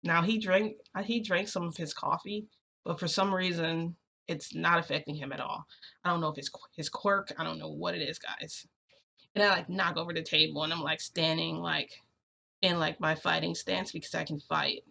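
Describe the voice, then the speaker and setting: Bright-voiced young woman telling a story. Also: lowish voice, fairly even intonation, normal speed, gravelly. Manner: rambling, full of "like" and restarts. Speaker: vlogger. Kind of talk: storytime narration.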